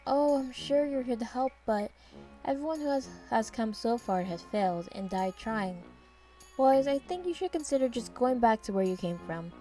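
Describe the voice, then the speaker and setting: A woman's voice: a little high, animated, normal speed, mellow, soft background music, voice pushed up, lightly acted. A woman voicing a wary villager who speaks in an earnest, cautionary way. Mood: warning. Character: wary village townsperson giving warnings.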